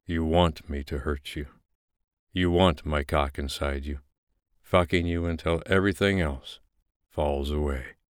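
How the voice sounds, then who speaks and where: A man playing a domineering, possessive male boss who speaks in a commanding, deliberate way. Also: very deep voice, fairly even intonation, clean tone, no room sound, clean studio sound.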